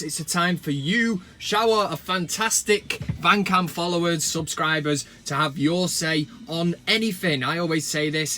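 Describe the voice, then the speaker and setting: A Manchester man with a Mancunian accent hosts a football fan channel, reading viewer comments with sweary, cheeky banter in a casual reaction vlog. His voice is a little high, bright and forceful. He talks into a camera mic at home.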